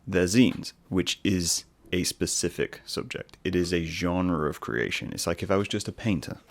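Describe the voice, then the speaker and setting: Low, gravelly man musing aloud. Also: normal speed, no room sound. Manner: rambling, musing, with self-mocking asides. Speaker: podcast host. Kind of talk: casual solo podcast monologue.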